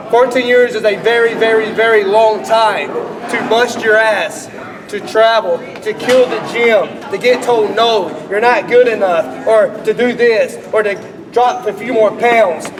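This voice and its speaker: Slow, earnest wrestler cutting a promo. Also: male voice, high-pitched. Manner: slow, deliberate, earnest delivery. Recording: distant mic in a reverberant hall with a crowd.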